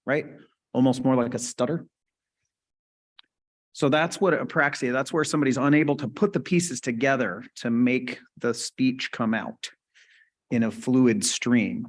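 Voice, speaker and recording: A man giving a live lecture at a medical conference, explaining terms casually and checking in with the audience. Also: mid-range voice. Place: conference hall.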